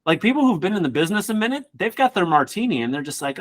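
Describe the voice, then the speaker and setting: A man who works as a real estate coach, giving an energetic motivational class with casual joking asides. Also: high-pitched, racing. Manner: energetic, acts out quoted people in voices.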